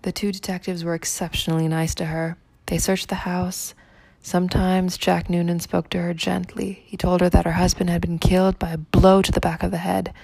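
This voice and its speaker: Gravelly woman reading a story aloud. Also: lowish voice, no room sound. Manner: measured, even reading. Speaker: narrator. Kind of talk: storybook narration.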